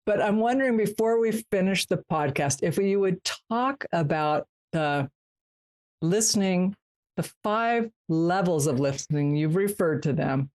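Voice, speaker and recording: A woman hosting a podcast interview. She speaks in an animated, reflective, self-deprecating way. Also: fairly low pitch, unhurried. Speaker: podcast host. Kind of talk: interview conversation.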